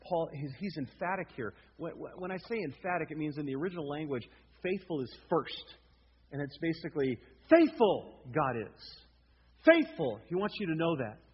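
A man's voice: on the high side, a little fast, breathy edge. A man preaching an expository sermon as pastor, emphatic, repeating key words and prompting the congregation to answer back. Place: church sanctuary. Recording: reverberant hall, dull lo-fi sound, faint noise.

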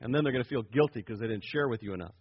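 A man's voice: medium pitch, very fast, slightly rough. A man preaching an evangelical sermon, emphatic, with big swings in volume and playful asides. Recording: dull lo-fi recording.

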